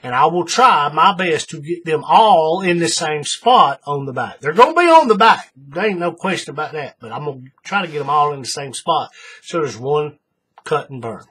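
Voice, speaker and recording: A man's voice: fairly high pitch, moderate pace, pushed and bright, husky. A man hosting a hands-on craft tutorial, chatting in a folksy way to his viewers while he works. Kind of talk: casual hands-on craft demonstration.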